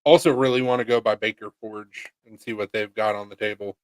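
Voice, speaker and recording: A man talking casually as a streamer, muttering relaxed asides while browsing. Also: on the low side, brisk, smooth, no echo. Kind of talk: casual chat.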